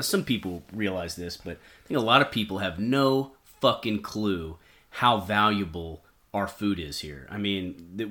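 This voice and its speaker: Male podcast host, relaxed interviewer, a bit low in pitch. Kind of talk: casual interview chat.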